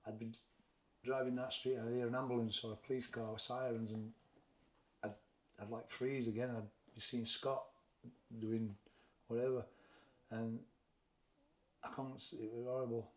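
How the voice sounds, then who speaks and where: In an echoey room, a middle-aged former fighter turned boxing trainer from Sheffield, England, gives an interview in his Sheffield Yorkshire accent. His mid-range delivery is flat, at normal speed with long pauses, as he speaks frankly, reflectively and plainly.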